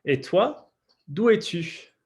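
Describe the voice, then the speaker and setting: A man's voice: high-pitched, sing-song, slow pace, darkish tone, voice pushed up, exaggerated voice. A man reading a young French woman's lines from a textbook dialogue in his own voice. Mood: friendly. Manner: plain read-aloud.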